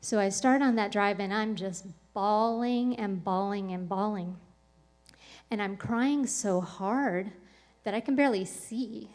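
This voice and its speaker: Speaking a little slowly in a medium, slightly mellow voice, a woman shares a personal story on a podcast. Her delivery is casual and meandering, heavy on "like" and "um" fillers.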